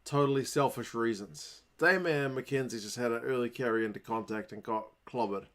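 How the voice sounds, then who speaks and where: Brief: New Zealand man, stream host, mid-pitched, chatty, reacts loudly to plays. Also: moderate pace. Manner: chatty, reads viewer comments, bursts of excitement at plays. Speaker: livestream host. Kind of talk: casual watchalong chat.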